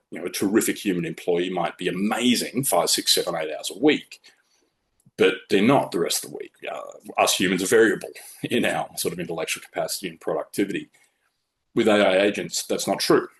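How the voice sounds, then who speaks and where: A man presenting a webinar from slides in a blunt, opinionated, conversational way. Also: low voice.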